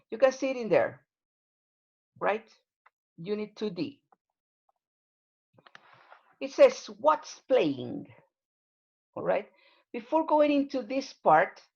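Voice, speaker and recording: Gravelly-voiced woman teacher on a lo-fi call, slow patient explaining, lots of uhs. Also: on the high side. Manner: patient, drawn-out explaining with frequent fillers. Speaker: English teacher. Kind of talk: online class teaching. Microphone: video call. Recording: lo-fi video call audio.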